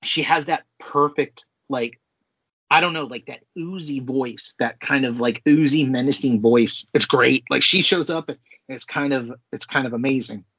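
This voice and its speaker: A man co-hosting a casual pop-culture podcast, talking in an animated, rambling way and swearing freely. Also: medium pitch, moderate pace, slightly rough, dry recording. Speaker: podcast co-host. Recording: slightly dull lo-fi sound.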